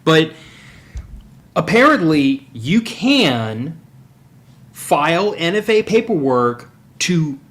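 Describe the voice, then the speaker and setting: A man's voice: fairly high pitch, sing-song, takes it slowly, long pauses, a bit bright. A man hosting a podcast with his wife, ranting in a sarcastic, opinionated way in casual chat. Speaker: podcast host.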